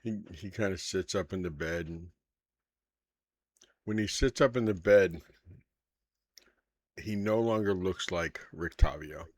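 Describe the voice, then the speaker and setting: A man serving as dungeon master, narrating a tabletop game in an unhurried, measured way. His voice is low and slow, recorded dry and close. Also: no room sound.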